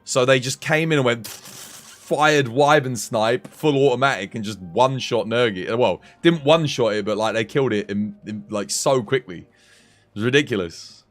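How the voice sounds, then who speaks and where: A man's voice: mid-range voice, normal speed. A man chatting casually with viewers while commentating his own gameplay on a live stream. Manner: chatty, animated, slangy.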